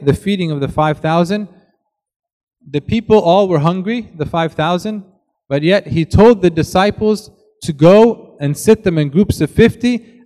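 A man's voice: fairly high pitch, a little mellow, long reverb tail. A man giving a casual, conversational sermon who often asks rhetorical questions of his listeners. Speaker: preacher.

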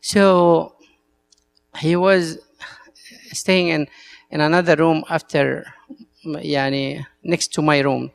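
A man's voice: a little high, flat delivery, takes it slowly, vocal fry, long pauses, soft background music. A male priest with an Egyptian Arabic accent, a native Arabic speaker, giving an earnest talk to church servants and telling stories in broken English.

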